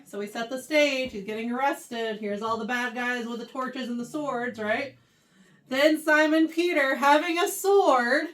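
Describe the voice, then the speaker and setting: A woman's voice: high voice, a bit bright. A woman leading a casual Bible study for teenagers, reading scripture aloud, then retelling it in everyday words and checking in with questions. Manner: chatty, keeps checking in with questions. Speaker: youth Bible study teacher. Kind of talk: casual Bible lesson to teens. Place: church. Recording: voice picked up from a distance.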